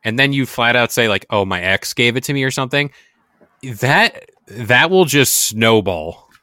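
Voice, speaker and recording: A man's voice: medium pitch, animated, moderate pace, sharp tone, no room sound, clean studio sound. A young man co-hosting a casual podcast, joking and rambling as he talks. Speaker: podcast co-host. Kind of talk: casual podcast chat and read ad.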